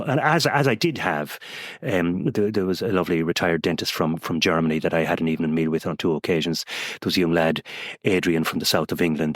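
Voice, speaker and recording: Irish male guest, lowish pitch, halting storyteller with restarts. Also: no room sound, clean studio sound. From Ireland. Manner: halting, with many repeated words and restarts. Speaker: podcast guest. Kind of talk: conversational storytelling.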